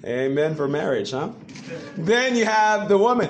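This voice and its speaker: High, lively-voiced male preacher. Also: a little fast, slight background noise. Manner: animated, rhetorical questions to the congregation. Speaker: pastor. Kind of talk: sermon. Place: church.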